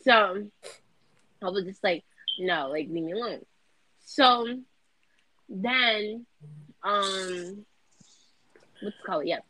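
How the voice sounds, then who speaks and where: A woman's voice: mid-range voice, slow pace, long pauses, pushed and bright, poor audio. Young woman rambling thru a story on a podcast, trips over words, bit of hiss. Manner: rambling, repeats words, stumbles. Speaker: podcast co-host. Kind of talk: casual storytelling chat.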